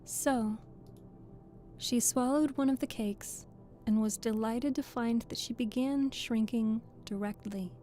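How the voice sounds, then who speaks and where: A woman with a Southern US accent reading a storybook aloud in a gentle, unhurried way. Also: fairly high pitch, steady tone, faint music behind. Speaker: audiobook reader.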